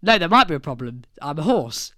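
A man voicing an eager young horse who becomes a rock guitarist, reading the lines brighter and louder than his own talk. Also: fairly high pitch, very animated, fairly quick, dry recording, clean studio sound.

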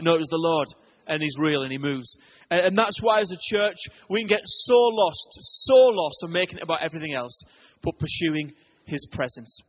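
High-voiced pastor preaching. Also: male voice. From England. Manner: energetic, storytelling, stumbles and repeats words. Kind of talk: sermon.

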